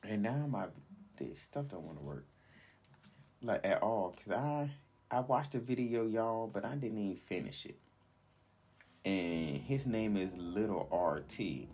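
A man's voice: fairly low pitch, a little mellow, slight background noise. A man hosting a solo podcast, ranting bluntly and indignantly in a rambling way, filling his talk with "like". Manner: opinionated, rambling, heavy use of "like". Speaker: podcast host.

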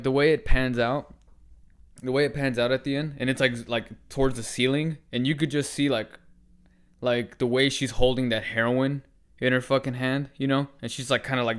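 A man's voice: mid-range voice, little pitch movement, brisk, clear, resonant tone. A man co-hosting a podcast in casual chat, rambling with lots of fillers and swearing. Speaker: podcast co-host.

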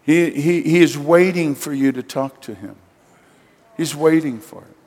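Older male pastor, emphatic sermon delivery, slightly high voice, reverberant church. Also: unhurried, a little mellow. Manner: emphatic, calls on the congregation. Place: church sanctuary. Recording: long hall reverb.

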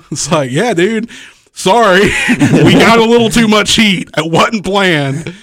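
Profane, animated man telling a story. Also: high voice, normal speed, no room sound, clean studio sound. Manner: profane, animated, laughs often, acts out quotes. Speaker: wrestling promoter, guest. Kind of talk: casual podcast storytelling.

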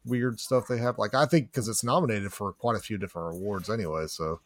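A man's voice: fairly low pitch, fairly quick, no room sound. A man co-hosting a casual gaming chat, laughing often between opinions. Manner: laughs a lot.

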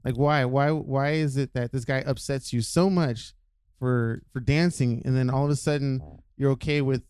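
A man's voice: medium pitch, steady tone, moderate pace, a little mellow, clean tone, no room sound, studio quality. A man on a podcast ranting casually and incredulously about dating habits. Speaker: podcast co-host.

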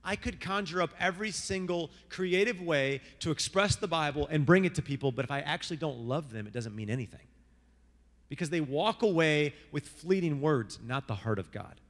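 A man preaching a sermon as pastor, passionate, with big swings between loud, high lines and quiet, low ones. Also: expressive, normal speed. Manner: passionate, rises and drops sharply in pitch and volume. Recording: long hall reverb with guitar music.

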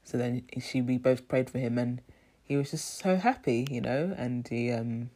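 A woman's voice: rumbling low, normal speed, mellow. A woman telling a rambling story in a casual vlog and laughing often. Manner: chatty, rambling, laughs often, says "you know what I mean". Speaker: vlogger.

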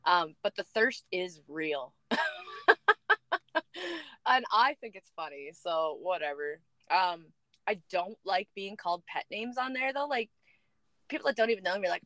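A woman's voice: lowish voice, animated, normal speed, a bit bright, dry recording. A woman with a Canadian East Coast accent, a trucker guest speaking bluntly in casual chat, laughing and swearing.

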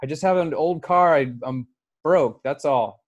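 A man co-hosting a podcast, telling stories in casual chat, animated and full of swearing. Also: a little high, a little slow, dull audio. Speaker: podcast co-host.

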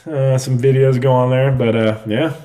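A man's voice: mid-range voice, steady tone, normal speed, warm tone. A young man hosting a casual podcast chat, joking, laughing a lot and swearing freely. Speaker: podcast host.

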